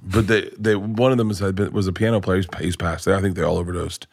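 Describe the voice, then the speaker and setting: Male comedian guest, low-ish voice, rambling animated storyteller who restarts sentences constantly. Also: fast, creaky. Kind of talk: storytelling anecdote in conversation.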